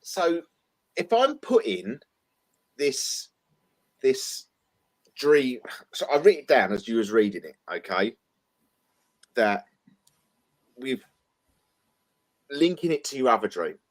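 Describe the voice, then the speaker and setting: A man's voice: mid-range voice, very animated, slow, pauses often. A man co-hosting a casual talk show. He eagerly interprets a dream, stumbling over repeated words. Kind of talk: casual chat.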